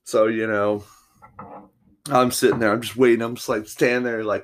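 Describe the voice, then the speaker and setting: A man's voice: mid-range voice, level tone, moderate pace. A man hosting a solo podcast, telling stories in a rambling, profanity-filled, combative rant. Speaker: podcast host.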